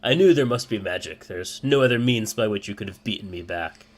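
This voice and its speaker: A man's voice: on the low side, expressive, a little fast, lightly acted. A man voicing a proud adult drow woman in a tabletop game, speaking in a grudging tone. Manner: grudging, impressed.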